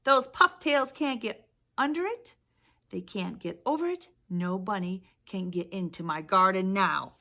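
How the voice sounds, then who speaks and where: A woman's voice: medium pitch, lively intonation, a little slow, pushed and bright. A woman voicing a grumpy, boastful old farmer man in a storybook read-aloud, huffing and gloating. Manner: huffy, gloating.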